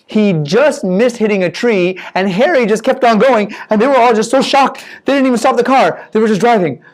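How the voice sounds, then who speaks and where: A man telling a children's mission story, animated and playful, with spoken sound effects. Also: high-pitched, brisk.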